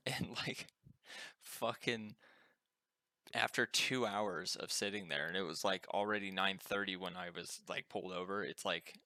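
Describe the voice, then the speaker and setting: A young man co-hosting a casual podcast, telling a story in a profane, animated way with lots of "like" fillers. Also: low voice, a little slow, dry recording. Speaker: podcast co-host.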